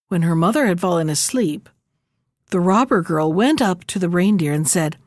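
A woman narrating a fairy tale in a lively, expressive storybook reading. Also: fairly low pitch, normal speed, no echo, studio quality.

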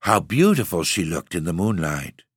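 Deep-voiced male storyteller, measured. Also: big pitch swings, breathy edge, dry recording, clean studio sound. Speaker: narrator, podcast host. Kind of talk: gothic audiobook reading.

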